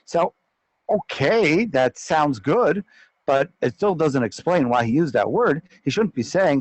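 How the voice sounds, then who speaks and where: Animated rabbi, dry close sound. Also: male voice, on the high side, unhurried, no echo, low-quality recording. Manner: animated, with frequent stumbles and repeated words. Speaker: rabbi teaching a class. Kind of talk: Torah class lecture.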